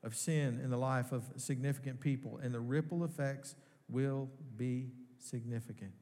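A male pastor delivers an earnest sermon. His voice is mid-pitched and carries a long hall reverb. He swells to strong emphasis, then drops low and slows down. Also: steady tone, warm tone. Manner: earnest preaching with rising emphasis and slow pauses. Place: large church hall.

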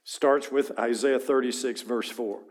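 A man teaching a Bible study in a conversational, vivid way, often clearing his throat and asking listeners to picture the scene. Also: mid-range voice, steady tone, measured pace.

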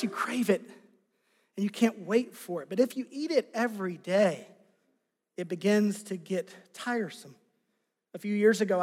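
Male pastor, high-pitched, dramatic sermon delivery, hall reverb. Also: fairly bright tone. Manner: dramatic preaching, voicing scripture quotes with rising intensity.

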